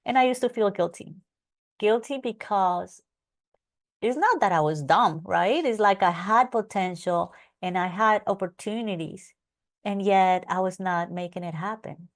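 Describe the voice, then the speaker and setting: Woman coach, live webinar host, animated delivery, calls out chat names. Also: mid-range voice, measured pace. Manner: animated, acts out her own past thoughts; reads out attendee names from chat. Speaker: online course coach.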